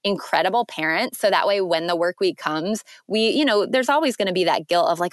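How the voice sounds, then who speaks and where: A woman guest in a casual interview, talking earnestly with lots of filler words and lively rises in pitch. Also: brisk, no echo, studio quality. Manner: earnest, animated, frequent "like" fillers. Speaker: podcast guest.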